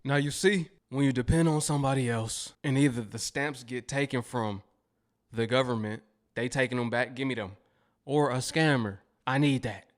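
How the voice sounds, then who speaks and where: A man's voice: mid-range voice, moderate pace. A man hosting a reaction commentary, laid-back and teasing, speaking in casual slang. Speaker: commentary host.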